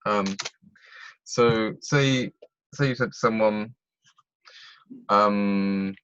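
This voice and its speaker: Patient low-voiced male language tutor. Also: drawn-out words, a bit bright, smooth, dull audio. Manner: patient, explains step by step with frequent checks. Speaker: German tutor. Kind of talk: online tutoring lesson.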